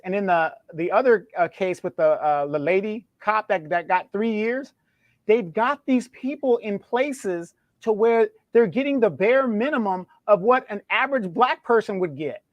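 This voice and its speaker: A man's voice: high-pitched, no echo, dull audio. A man co-hosting a livestream, speaking earnestly in long explanatory stretches. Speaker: co-host. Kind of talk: casual livestream discussion.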